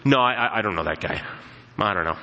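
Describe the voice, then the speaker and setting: Man doing a scared, defensive disciple; bright voice, long hall reverb. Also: medium pitch, big pitch swings, normal speed, dull audio, heavily acted. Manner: defensive, insistent denials. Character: frightened grown male disciple denying his master.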